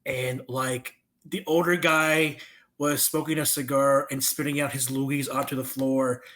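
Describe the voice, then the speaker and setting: A young adult man telling a story as a podcast guest, animated and slipping into other people's voices. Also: mid-range voice, a little slow. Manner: animated, acts out voices in his stories. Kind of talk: casual storytelling chat.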